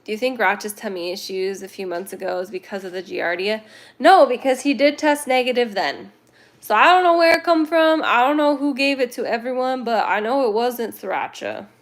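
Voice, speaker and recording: Young female streamer, a touch high-pitched, playful and giggly, rambling casual chat. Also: moderate pace. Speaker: cat rescue livestream host. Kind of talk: casual livestream chat with viewers.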